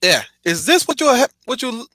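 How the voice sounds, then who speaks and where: A shouting werewolf leader. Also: male voice, sing-song, moderate pace, dry recording, studio quality, full character voice. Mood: furious, impassioned. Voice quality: shouted, strained high voice. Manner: impassioned, declamatory. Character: defiant male werewolf leader rallying his kind.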